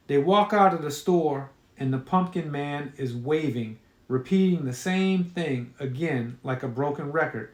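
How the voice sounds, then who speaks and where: Guy reading his creepy story out loud, kinda high voice, echoey room. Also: measured pace. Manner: casual storytelling with fillers. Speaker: author. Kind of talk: reading his own horror story aloud. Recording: roomy echo.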